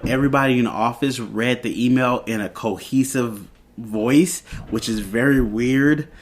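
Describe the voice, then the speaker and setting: Rambling male TV reviewer. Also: medium pitch. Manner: rambling, with many fillers and restarts. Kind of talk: casual episode recap.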